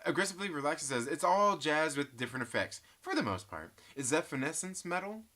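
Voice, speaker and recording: A man's voice: on the high side, sing-song, a little fast, bright, forceful tone. A man hosting a casual live stream, telling rambling stories full of swearing and frequent laughter, and reading chat comments aloud.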